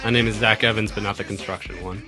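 A man co-hosting a casual podcast with friends, making dry, deadpan jokes. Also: on the low side, fast, music in the background. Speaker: podcast co-host and editor. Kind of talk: casual chat.

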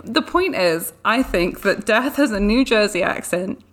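A woman's voice: medium pitch, lively intonation, measured pace, fairly bright tone. Chatty woman co-hosting a book podcast. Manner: chatty, enthusiastic, many filler words. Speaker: podcast co-host. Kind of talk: casual book club chat.

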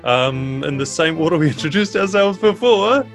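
Gravelly New dungeon master. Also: male voice, a little high, animated, faint music behind. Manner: descriptive, measured, with fillers. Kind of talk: narrating a tabletop game.

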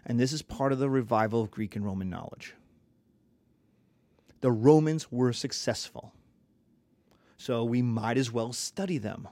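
A man lecturing on history in a lively, conversational way, sometimes acting out little voices. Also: mid-range voice, unhurried, long pauses, no room sound.

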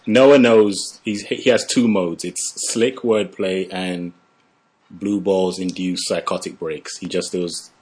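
Male podcast co-host, deep husky voice, dry sarcasm, relaxed chat. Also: slow. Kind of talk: casual film breakdown chat.

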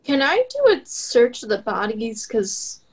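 A woman playing a tabletop game, asking questions with quick restarts. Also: on the high side, huge pitch swings, breathy edge, poor audio. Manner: inquisitive, stumbling restarts. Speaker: player.

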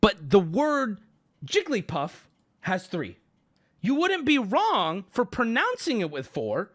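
A man's voice: high voice, wildly swooping pitch, slow pace, a bit bright. A man streaming live, ranting at his chat in a sarcastic, exasperated and profane way.

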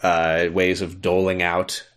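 Low-voiced rambling podcast guy. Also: monotone, slow pace, fairly bright tone, smooth. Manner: rambling, with many fillers, laughs and acted-out quotes. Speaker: podcast co-host. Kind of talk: casual chat recapping a video game.

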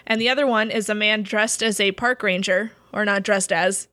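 A woman runs a tabletop game as its narrator, describing scenes in a loose, casual way with plenty of fillers. Her voice sits at a middle pitch. The recording is dry and close. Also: fairly even intonation, moderate pace, pushed and bright, no room sound. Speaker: game master.

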